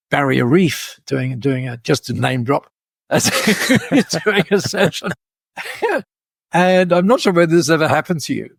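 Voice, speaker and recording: A man in his later years with a gravelly, husky voice, pitched a little high for a man. He tells stories in a lively, animated way, laughing as he goes and often restarting his sentences. The sound is dry and close. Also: no echo. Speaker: podcast guest, speaker. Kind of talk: storytelling in conversation.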